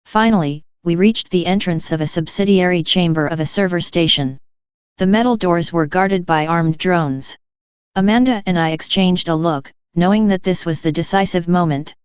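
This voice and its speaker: A woman narrating a first-person story in an even, measured reading style. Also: lowish voice, smooth, no room sound. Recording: dull lo-fi sound.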